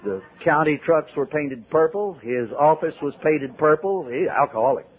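A man tells his recovery story to a meeting in a folksy way, swinging from loud to hushed. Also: a little high, animated, moderate pace, a little hiss or hum. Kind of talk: personal storytelling talk. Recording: tinny phone-like old tape.

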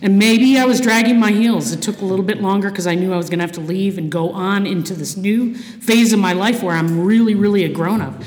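A woman's voice: medium pitch, fairly quick, hardly any pauses, a little mellow. A speaker from the Cleveland area of Ohio, sharing her story from a podium at a recovery meeting, candid and full of swearing and restarts. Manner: candid and profane, with frequent fillers and restarts. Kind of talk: personal testimony from a podium. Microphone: podium microphone. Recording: echoey hall reverb.

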